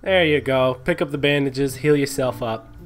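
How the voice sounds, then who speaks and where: A young man giving live, excitable commentary on a game he plays, swearing and yelling when surprised. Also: medium pitch, moderate pace, soft background music. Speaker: gaming commentator.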